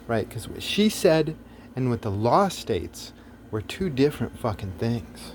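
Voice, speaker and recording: A soft-voiced man telling a story in a casual monologue, swearing a lot and sounding exasperated, with many restarts. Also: fairly low pitch, lively intonation, normal speed, few pauses, a little hiss or hum. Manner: profane, exasperated ranting with frequent restarts. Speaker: self-described philosopher telling a story.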